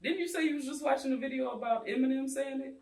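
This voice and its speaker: A speaker in a casual podcast chat who cuts in with halting, stop-start questions. The voice sits away from the microphone in a roomy, echoing space. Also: high-pitched, darkish tone, distant mic. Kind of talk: casual discussion. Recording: echoey room, off-mic.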